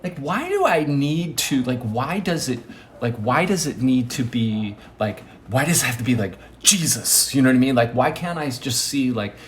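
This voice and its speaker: A man's voice: mid-range voice, very animated, normal speed, a little hiss or hum. A man giving a rambling casual monologue, hesitant with many fillers, often dropping to a near-whisper. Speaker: vlogger.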